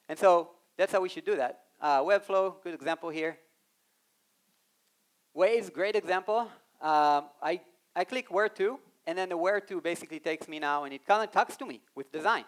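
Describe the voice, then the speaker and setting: A man giving an animated live talk on a conference stage, speaking straight to the audience and acting out quoted voices. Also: sits high, moderate pace. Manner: animated, addresses the audience directly.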